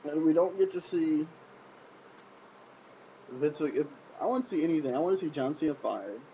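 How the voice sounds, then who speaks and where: A man's voice: a little high, moderate pace, a little hiss or hum, poor audio. Sarcastic, ranting male wrestling reviewer. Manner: animated, repetitive, sarcastic rhetorical questions. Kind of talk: casual solo video review.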